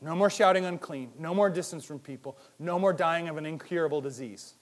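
A man preaching a sermon in a lively, conversational way, firing rhetorical questions and swinging between loud and hushed. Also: on the high side, a little fast. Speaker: pastor.

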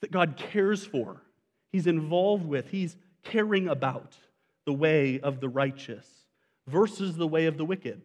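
Pastor, male, slightly higher voice, conversational sermon that puts questions to the listeners, long reverb of a church hall. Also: measured pace, muffled recording. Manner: conversational preaching, asks the congregation questions.

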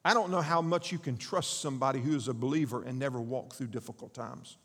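A man's voice: mid-range voice, quick pace, a bit bright, slightly rough, big-room sound. A man preaching a sermon, reading scripture aloud with rising emphasis and putting questions to the congregation. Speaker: pastor.

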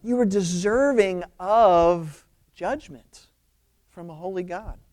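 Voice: mid-range voice, takes it slowly, darkish tone. A pastor preaching a conversational sermon, informal and emphatic, often checking in with the listeners.

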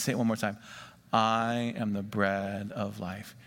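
A man preaching a sermon, swinging between emphatic rises and quiet drops, and drawing the congregation into questions and call-and-response. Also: lowish voice, fairly even intonation, moderate pace. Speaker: pastor. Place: church sanctuary. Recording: long church reverb.

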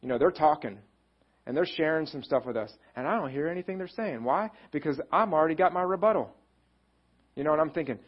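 A man's voice: a little high, fast talker, dull audio. A man preaching a conversational sermon as a pastor, with self-deprecating humor.

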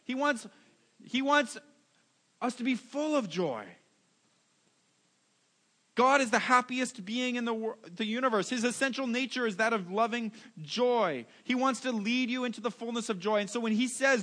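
Middle-aged male pastor, high and bright voice, emphatic sermon delivery with repeated key words. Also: expressive, normal speed.

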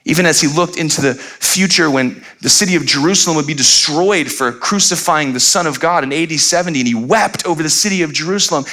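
Male pastor, bright voice; lively sermon storyteller who dramatizes scenes. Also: on the high side, fast, few pauses. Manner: animated, acts out quoted voices.

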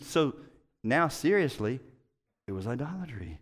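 A man's voice: medium pitch, a little slow. A middle-aged man preaching a sermon as a pastor, telling stories with self-mocking humor and acting out quoted lines. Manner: animated, self-mocking storytelling with playacted quotes.

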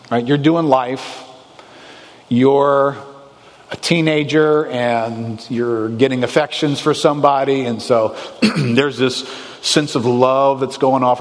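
A man's voice: medium pitch, in a large hall. A man preaching a sermon as a pastor, talking conversationally with the congregation, asking rhetorical questions and acting out anxious inner voices.

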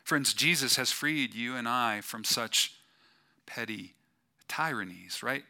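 A pastor delivers his sermon at an unhurried, measured pace. His voice is strikingly bright and sharp-edged, set at an ordinary middle pitch. He rises for emphasis, then falls hushed. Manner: deliberate preaching with swells of emphasis and quiet drops.

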